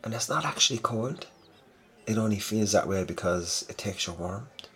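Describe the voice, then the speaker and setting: Speaking at a moderate pace, a young man with a somewhat low, animated voice performs a soft-spoken boyfriend role-play. He's warm, teasing, and affectionate with the listener, at moments fading into a breathy murmur.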